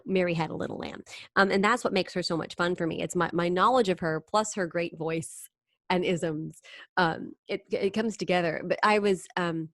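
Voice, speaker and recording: An actress and impressionist talking about her craft in a casual interview, animated and quick to slip into voices. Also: lowish voice, no echo, clean studio sound. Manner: animated, slips into sung impressions.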